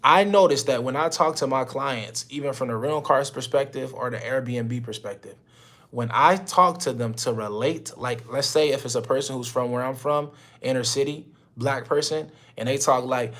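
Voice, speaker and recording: A man's voice: mid-range voice, normal speed, a bit bright. Blunt slangy motivational man. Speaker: business mentor. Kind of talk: motivational talk on a call.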